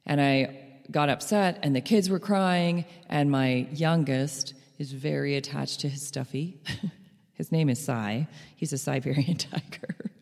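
Gravelly-voiced woman telling a story in a hall. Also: sits low, unhurried. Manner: animated storyteller, laughs between phrases. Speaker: speaker. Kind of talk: personal storytelling talk. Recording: long hall reverb.

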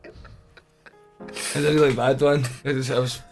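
A man's voice: mid-range voice, flat delivery, unhurried, faint music behind. A man with a Scottish accent in casual chat, rambling through anecdotes, trailing off and chuckling.

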